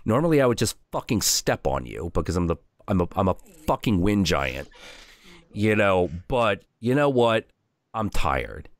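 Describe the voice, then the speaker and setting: A man voicing a tired, grumpy wind giant who talks gruffly and swears. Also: fairly low pitch, big pitch swings, moderate pace, dry recording.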